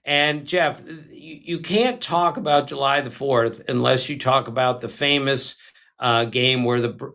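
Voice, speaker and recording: Male sports podcast co-host, mid pitch, anecdotal, stumbles and restarts. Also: bright, forceful tone. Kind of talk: casual sports chat.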